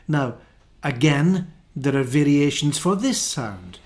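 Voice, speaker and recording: A man with a Scottish accent teaching English pronunciation, saying example words one at a time in a careful, deliberate way. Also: fairly high pitch, darkish tone. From Scotland. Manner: careful, deliberate word-by-word modelling. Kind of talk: slow, clear teaching of pronunciation.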